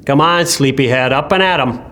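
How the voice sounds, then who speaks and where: A woman's voice: extremely low pitch, brisk, fairly bright tone, pitched below the performer's own voice. A woman voicing a protective man in a camp, brusque and teasing by turns, in an audiobook.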